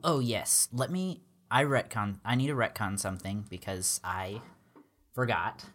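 A woman narrating as game master of a tabletop game, a relaxed, laughing storyteller. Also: a bass voice, a little slow.

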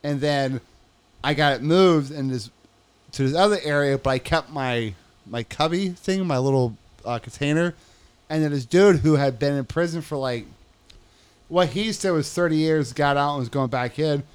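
A young man with a smooth, resonant voice that sits a little high, telling a long, rambling story in casual conversation. He swears freely and acts out the dialogue of the people in it. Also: moderate pace. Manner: profane, rambling, re-enacts quoted dialogue.

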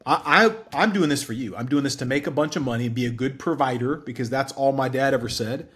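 A man in his forties, a guest in an interview, telling his story in a candid, animated way. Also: medium pitch, quick pace. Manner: candid, animated storyteller who acts out quoted dialogue.

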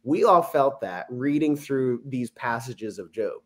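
A man's voice: mid-range voice, lively intonation, measured pace. A man in casual conversation, walking through a Bible passage and acting out the quotes with an easy chuckle. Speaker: podcast co-host discussing scripture.

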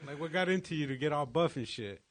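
A man's voice: on the high side, animated, quick pace, fairly bright tone. A man co-hosting a casual comedy podcast, joking and swearing with lots of slang. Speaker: podcast co-host. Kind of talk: casual stoner podcast chat.

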